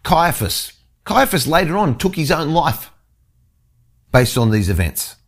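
A man's voice: a little high, very animated, measured pace. Earnest man teaching scripture. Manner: earnest, with frequent restarts. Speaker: Bible teacher. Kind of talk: reading scripture then explaining it.

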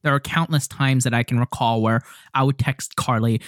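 Young male podcast co-host, lively storyteller, mid pitch, dry close mic. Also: fast talker, hardly any pauses, dry recording. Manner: animated storyteller, acts out friends' voices. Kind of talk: casual podcast chat.

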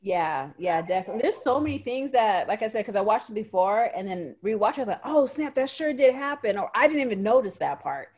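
A woman's voice: medium pitch, fast talker, hardly any pauses, breathy edge. A woman co-hosting a podcast, casually and emotionally retelling favorite moments with lots of fillers. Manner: animated, emotional storytelling with fillers. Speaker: podcast co-host. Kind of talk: casual chat. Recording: muffled lo-fi audio.

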